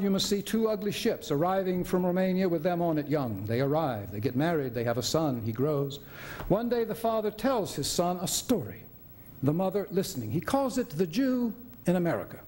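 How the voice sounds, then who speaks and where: A man's voice: high-pitched, big pitch swings, a little fast, darkish tone. Older man reading as a wry, biting writer-patient. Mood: storytelling. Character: sardonic middle-aged male writer, hospital patient. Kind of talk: dramatic reading of a play.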